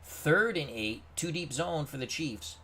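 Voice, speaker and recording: A man giving play-by-play commentary on a computer football game, bursting into shouts at big plays and reading viewer chat aloud. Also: a little high, expressive, a little slow, slightly rough. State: out of breath.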